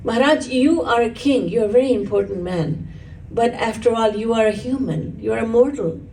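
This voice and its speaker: A woman's voice: on the high side, a little fast, darkish tone, distant mic, a little hiss or hum, close to an everyday voice, rough recording. A woman voicing a clever male royal minister who explains himself with deference. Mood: courteous.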